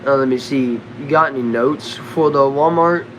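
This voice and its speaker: A young man with a Southern accent from Texas, casually answering chat questions on a livestream in a relaxed, drawling way. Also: medium pitch, normal speed, a little hiss or hum. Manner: laid-back, drawling, says bro and dude a lot. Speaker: livestream host reading chat. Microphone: desk microphone.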